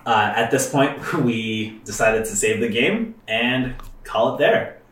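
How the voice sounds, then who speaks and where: A man's voice: medium pitch, takes it slowly, fairly bright tone, reverberant, far from the mic. A man hosting a let's play, chatting casually with rambling fillers and swearing. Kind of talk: casual gaming commentary.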